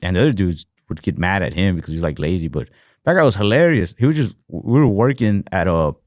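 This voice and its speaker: A young man with a lowish voice tells long, meandering anecdotes on a podcast, peppered with swearing and voiced quotes. The sound is close and dry, with no room around it. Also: fast talker, no room sound. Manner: rambling, profane, animated anecdotes with voiced quotes. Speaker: podcast co-host. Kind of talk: casual storytelling chat.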